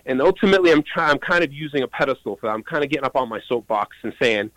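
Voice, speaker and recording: A man talks about his puppet theater as an interview guest. He explains things earnestly and with enthusiasm at an ordinary pitch. The sound is dry and close. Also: racing, few pauses, a bit bright, no room sound, rough recording. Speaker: puppeteer and show creator.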